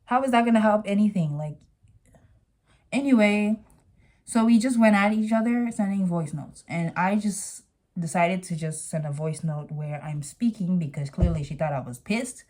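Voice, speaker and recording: A woman's voice: medium pitch, moderate pace, a little mellow. A young adult woman vlogger telling a storytime with a sassy, exasperated edge.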